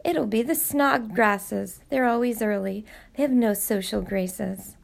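A woman's voice: mid-range voice, unhurried, gravelly. A woman voicing a prim, bossy society mother who disapproves of her guests, in a storybook reading. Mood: prim instructing.

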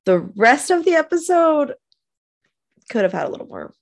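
Gravelly-voiced woman in an animated podcast chat. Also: sits high, moderate pace. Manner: animated, gushing, laughs often. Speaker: podcast co-host. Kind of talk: casual chat recapping a TV episode.

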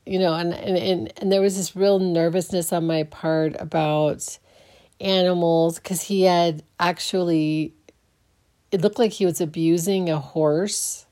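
A woman's voice: fairly low pitch, warm tone. A woman hosting her own podcast, chatting casually and rambling with many restarts, sleepy early in the morning. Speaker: podcast host. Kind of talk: casual solo podcast chat.

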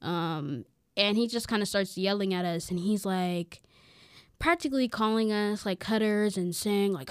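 A woman's voice: mid-range voice, moderate pace, clean tone, no echo. A young adult woman co-hosts a casual podcast, telling a story in a loose, chatty way. She fills her talk with "like" and acts out what others said. Her voice sits mid-range, close on the mic with a dry sound. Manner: animated, chatty, full of "like" and acted-out quotes. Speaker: podcast co-host.

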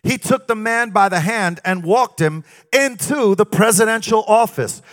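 High bright-voiced male preacher. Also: lively intonation, unhurried. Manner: sing-song preaching cadence with frequent exclamations of praise. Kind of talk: sermon.

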